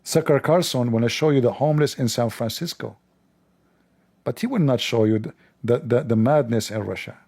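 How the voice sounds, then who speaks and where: A man's voice: medium pitch, normal speed, creaky, warm tone, husky. A man hosting a livestream, giving sarcastic commentary on a video in scornful, mocking tones, with non-standard English grammar. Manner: mocking, scornful, exaggerated incredulity. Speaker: livestream host.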